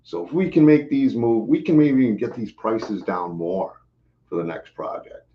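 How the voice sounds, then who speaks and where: This live-stream host speaks at a moderate pace in a fairly low voice, chatting and rambling a bit out of breath. Fillers, restarts and repetition pile up, and the recording has that slightly dull, lo-fi stream quality.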